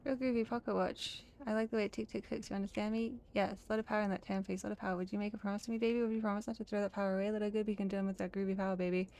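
A woman's voice: mid-range voice, flat delivery, racing, few pauses, darkish tone, a little hiss or hum, close to an everyday voice. A woman reading as a groovy hip cat. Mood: cool. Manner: laid-back slang drawl. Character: groovy hip male cat, calls everyone baby.

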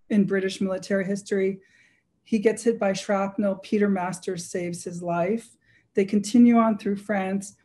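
A woman author, interviewed, recounts anecdotes with energy and frequent self-corrections. Her voice is medium in pitch with a dark tone.

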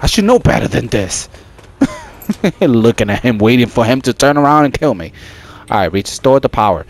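A man giving casual let's-play commentary on a horror game, excitable and jokey, with frequent startled exclamations. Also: mid-range voice, normal speed. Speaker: gaming channel host.

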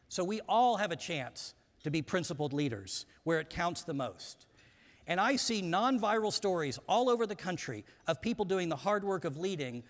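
A man delivering a prepared speech from a stage in a measured, formal manner, introducing a panel at a conference. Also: on the high side, a bit bright. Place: large conference hall. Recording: reverberant hall.

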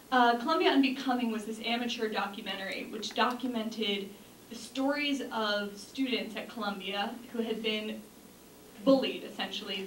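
A woman's voice: mid-range voice, fairly bright tone. Young woman giving a talk in an echoey hall. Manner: earnest, with frequent ums and restarts. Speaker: speaker. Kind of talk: talk to an audience. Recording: echoey room from a distance, faint noise.

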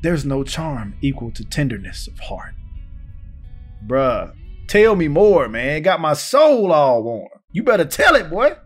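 A man's voice: on the high side, big pitch swings, a little slow. A man hosting a gaming video, reading text messages aloud and reacting with hyped, slangy banter. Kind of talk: playthrough commentary. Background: faint game music.

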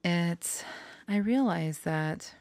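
A woman's voice: fairly low pitch, drawn-out words, no room sound. A woman vlogger talking candidly and hesitantly to her viewers, often dropping into a whisper. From Florida. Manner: soft, hesitant, confiding, drifts into whispers. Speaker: tarot vlogger. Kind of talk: candid personal talk to camera.

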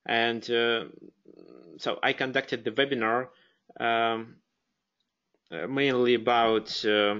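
A man's voice: mid-range voice, steady tone, slow, pauses often, a bit bright, highs cut off. A man with a Russian accent hosting a live webinar, speaking hesitantly with many fillers and restarts. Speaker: webinar host.

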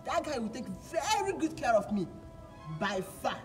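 Nigerian woman, comedy skit, high lively voice, echoey room, loud music behind. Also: moderate pace, recorded from a distance. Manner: pleading, playful, laughing often. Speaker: skit actress.

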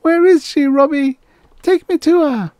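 A man's voice: very high voice, measured pace, a little mellow, no room sound, pitched above the performer's own voice. A man voicing a frightened little girl who pleads tearfully for help. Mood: pleading.

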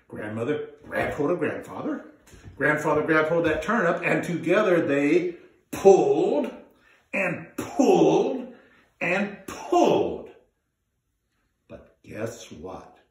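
A man telling a folk tale in an animated, drawn-out way, coaxing listeners to join in, heard in an echoey room from a distance. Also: fairly high pitch. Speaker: storyteller. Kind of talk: live folk storytelling with audience participation.

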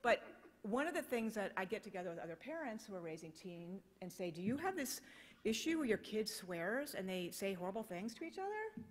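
A woman's voice: mid-range voice, big pitch swings, a little fast. An American woman giving a conference keynote, speaking passionately and emphatically with many rhetorical questions. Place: conference hall. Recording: long reverb of a conference hall.

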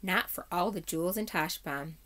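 A woman's voice: on the low side, normal speed, fairly bright tone, lightly acted. A woman reading aloud and voicing a young queen who speaks formally to her brother. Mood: earnest. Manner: formal old-fashioned speech. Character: young queen, gentle but firm.

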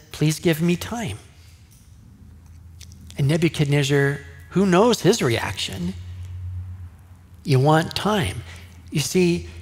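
A male pastor preaching a sermon in a conversational way, now and then acting out the voices of people in the story. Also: high-pitched. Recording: long hall reverb.

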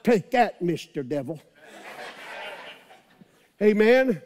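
A middle-aged male pastor with a strikingly high voice preaches a fiery sermon, shouting repeated refrains to rouse the congregation. His delivery is sing-song and slow.

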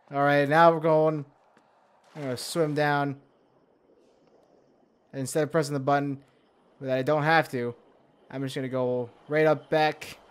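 This is profane let's-play commentary from a young man whose smooth voice sits at medium pitch. He wanders from thought to thought, swears freely, talks to himself, and occasionally yelps when startled.

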